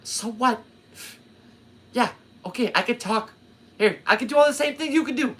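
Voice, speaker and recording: A man doing a quick impression of a talking male turtle, flat, gruff and dismissive. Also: extremely high pitch, pitched above the performer's own voice. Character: shrugging, unbothered adult male talking turtle.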